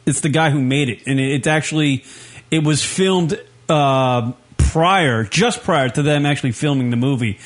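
A man's voice: fairly high pitch, moderate pace. A man hosting a casual talk show, rambling with enthusiasm through recommendations. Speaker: host. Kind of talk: casual chat.

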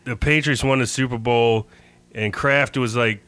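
A man's voice: medium pitch, fairly even intonation, measured pace, a bit bright, no room sound. A man co-hosting a radio talk show, teasing the caller with prodding questions. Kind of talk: casual chat.

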